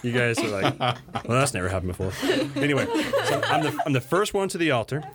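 A man on a casual podcast chat, telling an embarrassing story in a relaxed way and acting out the lines he quotes. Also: medium pitch, quick pace, very noisy.

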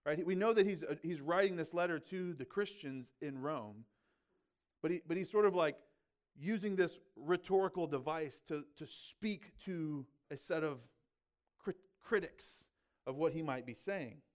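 At a measured pace, a man with a voice on the high side gives a relaxed, conversational sermon. The pastor often checks in with his audience, and "like" and "right?" keep popping up in his chatty delivery.

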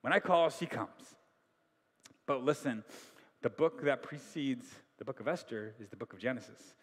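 A man preaching a sermon in an animated, joking way, acting out the figures of the story. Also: medium pitch, moderate pace, slightly rough, in a large hall. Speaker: pastor.

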